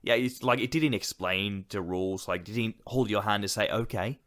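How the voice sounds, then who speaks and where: A man's voice: on the low side, moderate pace, a bit bright. A man co-hosting a podcast who talks through films in a casual, reflective way and often agrees with his partner. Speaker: podcast co-host. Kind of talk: casual film discussion.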